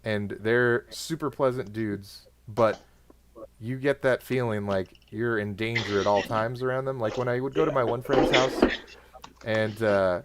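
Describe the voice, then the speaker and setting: Casual male podcast host, mid-pitched, rambling storyteller with lots of fillers. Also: measured pace, noisy background. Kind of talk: casual chat.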